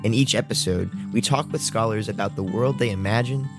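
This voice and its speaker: A man in his twenties co-hosting a podcast, relaxed and bantering. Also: on the low side, fairly quick, music in the background. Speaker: podcast co-host. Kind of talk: casual podcast chat.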